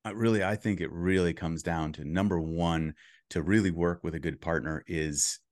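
A man's voice: low voice, steady tone, normal speed, a little mellow, dry recording, clean studio sound. A man as a podcast guest, talking through advice in an earnest coaching tone with frequent restarts. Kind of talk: casual interview chat.

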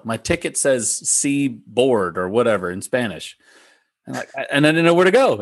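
A young man with a Southern accent telling a rambling, animated story as a guest on a casual podcast, full of restarts and fillers. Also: medium pitch, moderate pace, dry recording, clean studio sound. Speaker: professional golfer guest.

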